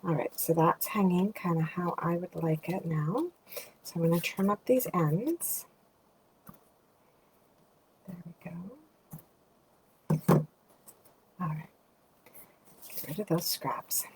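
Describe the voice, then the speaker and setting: A woman demonstrating card making, chatting casually and thinking aloud as she works, sometimes dropping to a soft murmur. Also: lowish voice, slow, long pauses, slight background noise, poor audio. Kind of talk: casual craft tutorial narration.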